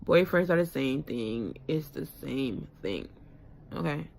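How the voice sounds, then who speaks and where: A woman's voice: a bass voice, very animated, slow pace, creaky, darkish tone. A young woman from West Africa chatting casually to camera in a frank, rambling vlog with slang and fillers. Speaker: vlogger.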